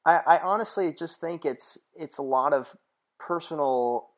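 A man's voice: a little high, unhurried. Easygoing man guest who chuckles often. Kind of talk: casual interview chat. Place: California.

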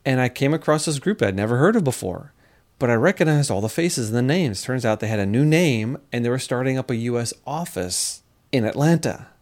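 A middle-aged man, a scientist and speaker, talking casually in an interview and telling lively stories. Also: medium pitch, brisk. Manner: animated storyteller, acts out quotes, laughs often.

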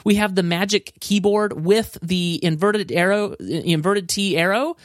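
A man co-hosting a casual tech chat, excitable and enthusiastic, often restarting his sentences. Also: high voice, unhurried, no room sound, studio quality. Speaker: podcast co-host.

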